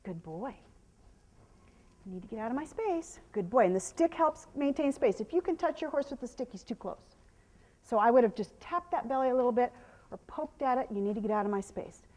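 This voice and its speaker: A woman horse trainer giving a live demonstration, explaining to viewers and softly praising the horse, sometimes dropping to a hush. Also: a little high, a little fast. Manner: drops to a hushed whisper when calming the horse.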